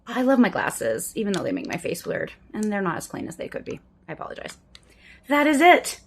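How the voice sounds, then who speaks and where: A woman in her fifties chatting casually to camera from her desk at home about her makeup routine. She is frank and self-mocking and sometimes drops into soft muttered asides. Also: mid-range voice, wildly swooping pitch, quick pace, slight background noise. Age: 50s. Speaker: vlogger doing a makeup routine.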